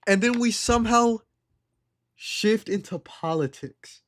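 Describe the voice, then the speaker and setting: A man's voice: high voice, takes it slowly. A young man streaming live, casually telling a story in a sarcastic, exasperated, slangy way. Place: home streaming setup.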